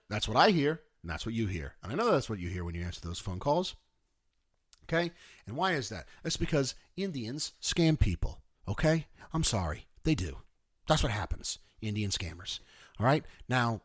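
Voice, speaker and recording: A man in his thirties hosting a podcast, ranting sarcastically in a casual monologue and swinging from low mutters to shouting, on a close studio mic. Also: no echo. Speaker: podcast host.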